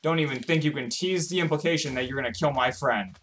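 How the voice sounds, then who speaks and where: A young man giving casual, swearing let's-play commentary, swinging from mumbling to frantic yelling. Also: fairly high pitch, fast talker, a little hiss or hum. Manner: swears a lot. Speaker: gaming YouTuber.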